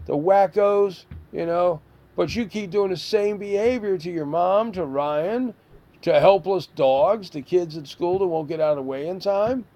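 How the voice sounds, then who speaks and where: A man's voice: high voice, lo-fi sound. A man giving a stern, exasperated lecture to a child, full of rhetorical questions. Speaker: stepfather figure scolding a child.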